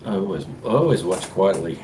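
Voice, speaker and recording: A man's voice: low-pitched, animated, brisk. A man co-hosting a casual livestream with laid-back, dry quips. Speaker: co-host. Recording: distant, echoey, noisy call audio.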